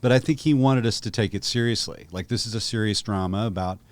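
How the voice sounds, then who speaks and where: A man's voice: fairly low pitch, quick pace, no room sound. A man co-hosting a podcast, talking through a film review in a musing, conversational way that often breaks off and restarts. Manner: conversational, musing, self-interrupting. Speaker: podcast co-host. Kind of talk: casual film review chat.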